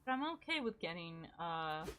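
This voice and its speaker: A woman's voice: fairly low pitch, big pitch swings, normal speed, music in the background. A young woman casually commenting while she plays a video game, self-deprecating and chatty, swearing now and then. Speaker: gaming streamer. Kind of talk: casual let's-play commentary.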